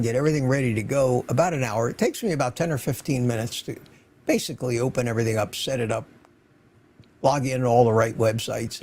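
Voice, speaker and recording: A man's voice: mid-range voice, creaky, a little mellow. An older man hosting a livestream, chatting casually and rambling as he greets viewers by name from his home studio. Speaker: livestream host.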